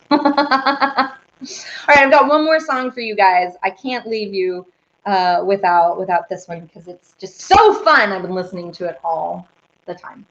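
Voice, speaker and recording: A woman from Oklahoma with a Southern accent chats casually with viewers between songs, answering their comments as singer and host. Her mid-range voice is expressive and measured. The lo-fi recording has ukulele playing in the background.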